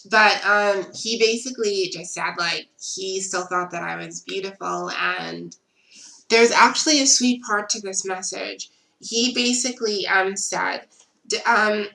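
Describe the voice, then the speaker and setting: Gravelly, bright-voiced young woman telling a story. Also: medium pitch. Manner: chatty, frequent "like" fillers. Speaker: vlogger. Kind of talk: storytime vlog, casual chat. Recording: roomy echo.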